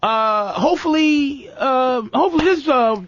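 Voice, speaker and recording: A man with a high voice that swings all over, hosting a loose comic radio show. He tells stories and acts out other people's quotes, and the sound is dry and a little dull. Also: measured pace, dry recording. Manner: animated storytelling with acted-out quotes. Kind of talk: loose comedic radio talk.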